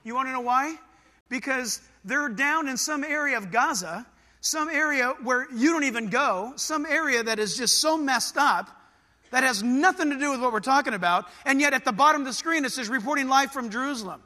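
Animated high-voiced man preaching. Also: moderate pace, big-room sound. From Southern California. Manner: animated and conversational, swings from loud to quiet. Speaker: pastor. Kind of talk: sermon.

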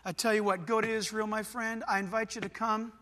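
A middle-aged man from Southern California preaching a sermon, animated and conversational, swinging between loud bursts and quiet asides. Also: high voice, fairly quick, big-room sound. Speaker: pastor.

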